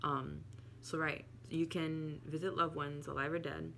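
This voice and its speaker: A woman's voice: sits low, level tone, measured pace, gravelly, a bit bright, a little hiss or hum. A woman casually telling a personal spiritual story to camera, candid and emotional, swearing freely. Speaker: spiritual vlogger.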